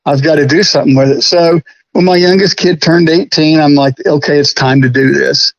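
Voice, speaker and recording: A middle-aged man telling stories about restoring a prop in a casual interview, folksy and quick to laugh. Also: fairly high pitch, fairly even intonation, no room sound, muffled recording. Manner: chatty, folksy, laughs often.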